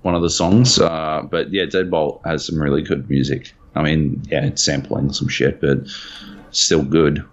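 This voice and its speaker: A man's voice: extremely low pitch, fairly even intonation, a little slow, muffled recording. A man co-hosting a podcast in casual chat, swearing freely and teasing. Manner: swears freely, banters and teases. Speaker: podcast co-host.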